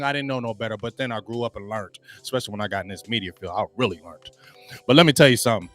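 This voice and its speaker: A man ranting excitedly on a sports talk show, slangy and repetitive, working himself up with chant-like calls. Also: fairly high pitch.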